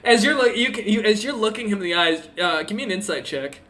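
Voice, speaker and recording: Bright-voiced laughing dungeon master man. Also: sits high, lively intonation, quick pace. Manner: casual, laughing often, many fillers. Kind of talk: narrating a tabletop game.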